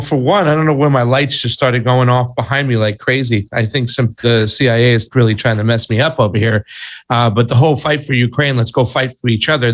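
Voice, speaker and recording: A man co-hosting a political talk show, exasperated and sarcastic, using casual slang. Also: mid-range voice. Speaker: co-host. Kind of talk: political commentary chat.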